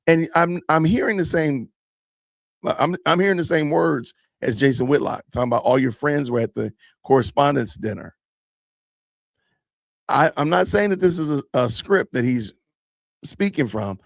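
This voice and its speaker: Gravelly man ranting sarcastically. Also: on the high side, lively intonation, moderate pace, no echo, clean studio sound. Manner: emphatic, sarcastic, repeats phrases. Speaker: podcast host reacting to a clip. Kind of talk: reaction commentary.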